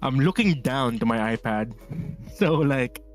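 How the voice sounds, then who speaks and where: A man's voice: medium pitch, lively intonation, measured pace, faint music behind. A man from the Philippines streaming casually while drawing, rambling, laughing often and reading chat messages aloud.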